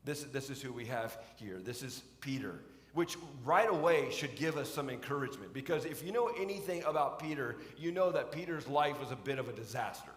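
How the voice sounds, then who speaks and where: A man's voice: mid-range voice, animated, fairly quick, hardly any pauses. Male preacher in an echoey sanctuary. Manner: conversational storytelling with frequent restarts. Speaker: pastor. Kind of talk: sermon. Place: church sanctuary. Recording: echoey church sanctuary with long reverb.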